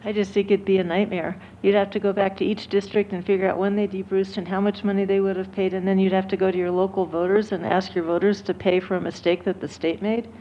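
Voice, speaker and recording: A woman school board member explaining a point in a public meeting, earnest and measured. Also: mid-range voice, level tone, slight background noise. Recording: dull lo-fi meeting audio.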